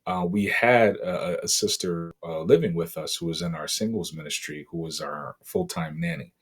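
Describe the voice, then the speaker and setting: A middle-aged man from Boston, a podcast guest, telling a painful personal story in a halting, emotional way with many fillers. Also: low voice, fairly even intonation, breathy edge. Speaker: interview guest.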